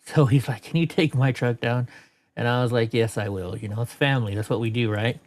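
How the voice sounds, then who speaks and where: A man's voice: mid-range voice, a little fast, darkish tone. A middle-aged man chatting casually on a live stream, rambling and swearing, often laughing at clips. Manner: rambling, profane, laughs a lot. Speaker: streamer host.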